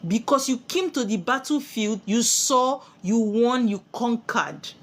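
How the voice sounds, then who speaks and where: Nigerian lady preaching spiritual stuff, kinda high voice, asks "what?" then answers herself. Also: unhurried. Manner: preachy, asks rhetorical questions and answers them. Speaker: spiritual teacher. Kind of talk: spiritual sermon to camera.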